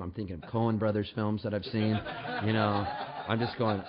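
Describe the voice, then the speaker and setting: Animated male storyteller, low voice. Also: a little fast, lo-fi sound. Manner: animated, jokey, building punchlines. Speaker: singer-songwriter telling a story on stage. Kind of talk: comic live storytelling.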